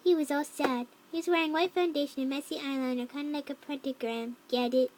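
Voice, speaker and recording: A woman voicing a young cat-girl troll who reads a fanfic aloud, with flat narration, mocking asides and yelled quotes. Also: sits high, fairly quick, slight background noise, natural voice. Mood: deadpan reading. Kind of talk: fan reading of a story.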